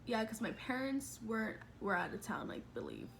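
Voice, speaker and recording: A woman in her twenties, a vlogger telling a personal story in a chatty, animated way with lots of fillers. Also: on the high side, moderate pace, gravelly, a little hiss or hum. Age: 20s. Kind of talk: casual storytelling.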